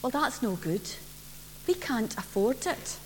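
A woman voicing an excitable, impatient young girl during a sermon's children's story. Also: a little high, a little slow. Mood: eager. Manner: breathless, impatient, rising questions. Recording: reverberant church, faint hum.

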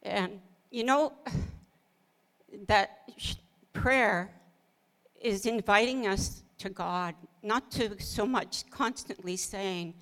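Speaking slowly in a mid-range, fairly bright voice, the pastor's wife shares her story as co-host of a relaxed ministry talk. She is sincere and heartfelt, laughs often, and repeats the prayers she once said.

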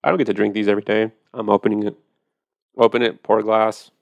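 A man's voice: on the low side, little pitch movement, fast, creaky, dry recording. A man hosting a podcast, chatting casually and animatedly about wine, with profane storytelling. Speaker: podcast host.

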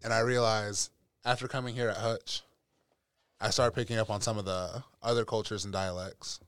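A man's voice: on the low side, normal speed, smooth, dry recording. A young man, a podcast guest, chatting casually and acting out his family's voices while he tells stories. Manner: animated storyteller, acts out family voices. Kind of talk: casual chat.

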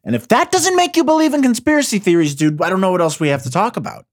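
A man's voice: high-pitched, lively intonation, quick pace, dry recording, clean studio sound. A man hosting a casual solo podcast, ranting about the news with heavy profanity and rambling restarts. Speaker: podcast host.

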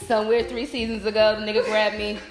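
Woman, high and animated, profane storyteller doing quick voices; echoey room, music under. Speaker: TV show fan in group chat. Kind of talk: casual chat.

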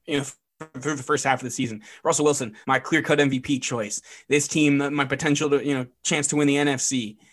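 A young man hosting a casual sports chat, upbeat, moving through segments with quick asides. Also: mid-range voice, fairly bright tone. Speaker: sports podcast host.

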